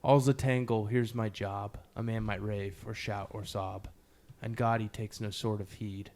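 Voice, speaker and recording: A man with a fairly low voice reads a poem aloud. He takes it slowly, giving each line a measured weight. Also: steady tone, darkish tone. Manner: slow, measured reading. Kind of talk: poetry reading.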